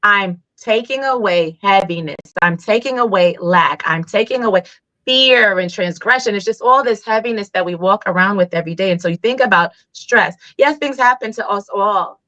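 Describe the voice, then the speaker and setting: An animated woman in casual interview talk, her voice bright and forceful. She tells stories with lively acted-out quotes. The recording sounds slightly dull and lo-fi. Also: medium pitch, normal speed. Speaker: Reiki healer guest.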